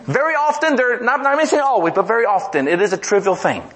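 A middle-aged minister gives an animated sermon laced with jokes, repeating himself and slowing into a low voice to underline key moments.

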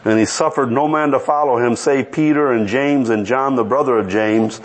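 A man's voice: mid-range voice, normal speed, poor audio. A man preaching a sermon with drama, quoting old scripture and acting out the people in the story. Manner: dramatic, acts out voices, rising to near-shouts; quotes King James scripture.

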